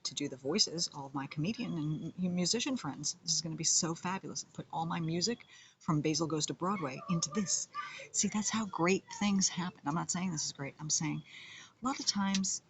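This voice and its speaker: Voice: medium pitch, a little fast, noisy background. A comedian and musician in a rambling casual monologue, playful and self-mocking, often drifting into whispers.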